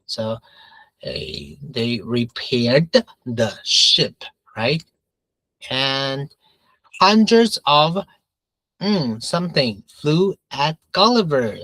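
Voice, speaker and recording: A man teaching English grammar in a slow, unhurried way, switching between English and Mandarin and repeating key phrases. His pitch moves up and down a lot as he stresses words, and the sound is dry and close with no room echo. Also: animated, sharp tone. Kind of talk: classroom grammar lesson.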